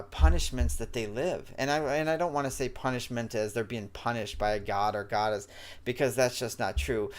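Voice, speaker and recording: A man hosting a spiritual talk show, speaking in a casual, rambling way with frequent restarts as he teaches. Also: medium pitch.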